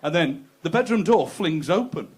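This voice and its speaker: A man's voice: on the high side, lively intonation, moderate pace, a little mellow, husky. A man doing a crude, conversational stand-up set, teasing the crowd. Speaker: stand-up comedian. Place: comedy club stage.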